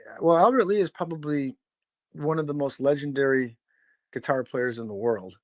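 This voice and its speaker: A Chicago musician guesting on a podcast tells rambling band stories in a casual interview, swearing freely and acting out the voices of people he quotes. His voice is a little high at a moderate pace, recorded with no room sound.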